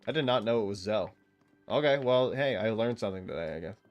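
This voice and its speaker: A man's voice: lowish voice, lively intonation, quick pace, muffled recording, soft background music. A man streaming a game, chatting loosely and swearing often as he banters with his viewers. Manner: loose, profane, bantering with chat. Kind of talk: casual live-stream chat while gaming.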